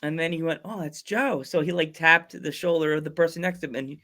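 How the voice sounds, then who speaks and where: This man, a podcast host, has a voice on the high side with a sharp edge. He rambles through a story in a laid-back interview, stopping and restarting mid-sentence and performing the voices of the people he quotes.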